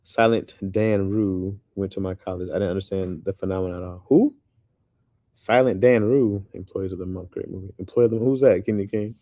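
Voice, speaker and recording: Low-voiced man, loose casual chat. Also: fairly quick, no room sound. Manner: loose and animated, says "bro" often. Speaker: streamer chatting with viewers.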